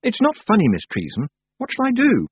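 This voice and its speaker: A man's voice: high voice, huge pitch swings, fairly quick, breathy edge, no echo, voice pushed up, heavily acted. A man voicing an anxious, hesitant young girl, an apprentice witch, recorded on dry, tinny, phone-like audio. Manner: hesitant, worried.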